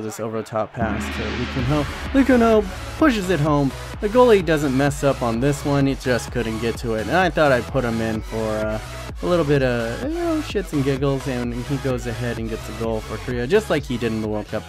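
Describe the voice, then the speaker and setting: A man's voice: mid-range voice, a little hiss or hum. Casual young male gameplay commentator. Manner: rambling, many fillers and restarts. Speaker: gaming channel host.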